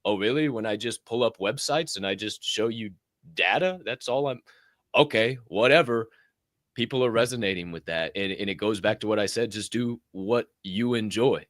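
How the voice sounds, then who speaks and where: A man's voice: lowish voice, normal speed, fairly bright tone, no echo, studio quality. A man co-hosting a podcast, talking animatedly, cursing freely and mocking dull small talk. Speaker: podcast co-host. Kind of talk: casual podcast chat.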